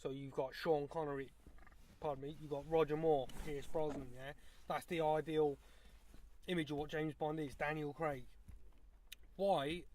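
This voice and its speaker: A man's voice: on the high side, fairly even intonation, moderate pace, pauses often, a little mellow, slight background noise. A man co-hosting a podcast, blunt and dismissive, swearing freely in casual opinionated chat. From England. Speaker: podcast co-host.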